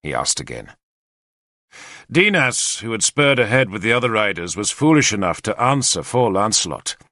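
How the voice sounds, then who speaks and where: A male audiobook narrator tells the story in the first person with a very animated, rising and falling delivery. His voice is bright and forceful, recorded dry and close with no room sound. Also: on the low side, fairly quick, no room sound. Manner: expressive, lively storytelling.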